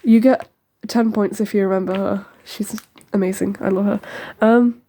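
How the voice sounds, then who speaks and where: Mellow-voiced teen girl rambling casually. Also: medium pitch, steady tone. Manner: rambling and chatty, with many ums and quick asides. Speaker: sketchbook tour host. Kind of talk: casual voice-over flipping through a sketchbook.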